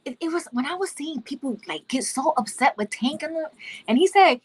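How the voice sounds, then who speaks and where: A woman in casual boxing talk, animated and swearing freely, acting out angry fans. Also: sits high, brisk. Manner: animated, swearing, laughing often, acts out fans.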